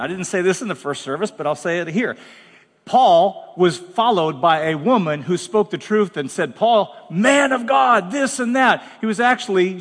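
High-voiced pastor preaching blunt. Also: male voice, long reverb tail. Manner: blunt, conversational preaching with dramatic asides. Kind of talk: sermon. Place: large church hall.

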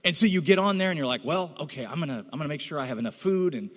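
A man preaching a sermon as a pastor, animated and rising to emphatic exhortation. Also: on the high side, very fast. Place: church hall. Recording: reverberant hall.

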